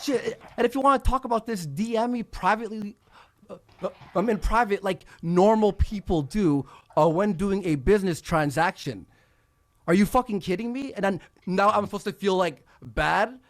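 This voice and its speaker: A man with a notably high voice rants as a show host, cursing freely and firing off complaints. The delivery is heated and relentless. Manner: angry, profane, rapid ranting. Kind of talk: heated podcast rant.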